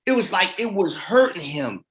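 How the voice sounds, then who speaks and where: Middle-aged guy on a podcast telling his story, super expressive, voice jumps all over, talks real casual. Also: high-pitched, moderate pace. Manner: animated, acts out the people in his story; colloquial, relaxed street talk. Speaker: podcast guest.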